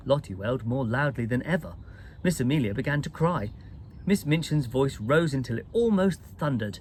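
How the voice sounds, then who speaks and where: A man reading a children's storybook aloud in an expressive, lively way. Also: medium pitch, moderate pace, a little hiss or hum, poor audio. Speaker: storybook reader.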